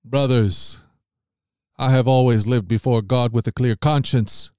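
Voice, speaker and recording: A man's voice: mid-range voice, fairly even intonation, a little slow, darkish tone, smooth, no room sound, clean studio sound, close to an everyday voice. A man reading the part of an earnest, bold male apostle, his voice raised and pleading.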